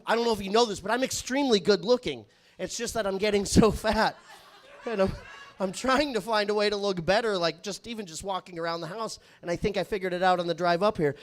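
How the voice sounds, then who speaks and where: A man doing a live stand-up set, telling rambling, self-mocking stories full of swearing. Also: high-pitched. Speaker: stand-up comedian. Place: live comedy stage.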